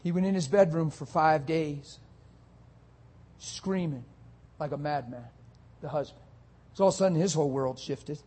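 A male pastor preaching a sermon, dropping soft and low at times and building to loud, rapid rhetorical questions. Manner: swings from soft and low to loud, high-pitched exhortation.

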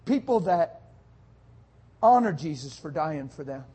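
A male pastor preaching a sermon, dropping soft and low at times and building to loud, rapid rhetorical questions. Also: very animated, breathy edge. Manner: swings from soft and low to loud, high-pitched exhortation.

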